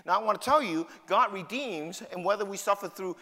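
A long hall reverb surrounds a middle-aged pastor who preaches with a New York City accent. He's emphatic and full of rhetorical questions, speaking in a high, brisk, sharp-toned voice.

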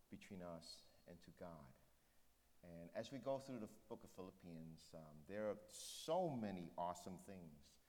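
Deep-voiced pastor preaching in a hall. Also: male voice, a little mellow. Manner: conversational preaching. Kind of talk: sermon. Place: church hall. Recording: long reverb of a large hall.

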